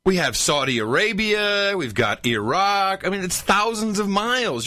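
Male podcast host, sarcastic, animated pitch, dry close sound. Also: normal speed, no room sound. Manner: sarcastic, talks back at clips. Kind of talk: casual chat. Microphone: internet call.

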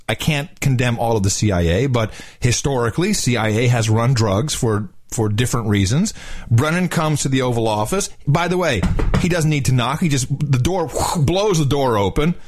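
A male host chatting casually about politics in a rambling, sarcastic way. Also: mid-range voice. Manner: rambling, sarcastic, laughs often.

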